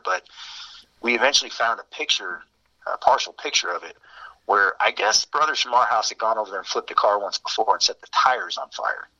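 A man's voice: fairly low pitch, pushed and bright. A man telling fraternity-days stories in a rambling, laid-back way, heard over a muffled remote line. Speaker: interview guest. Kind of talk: casual storytelling.

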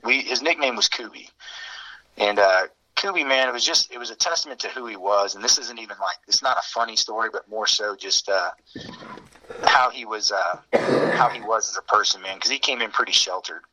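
A man recalls fraternity-era tales as an interview guest, easygoing and meandering, heard through a muffled remote connection with a little hiss or hum. He talks briskly in a lowish voice that sounds pushed and bright.

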